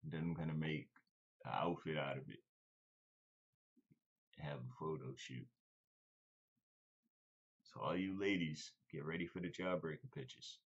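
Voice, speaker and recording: A man's voice: very deep voice, a little slow, pauses often, husky, dull audio. A man chatting casually as a podcast host, loose, rambling and profane. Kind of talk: casual chat.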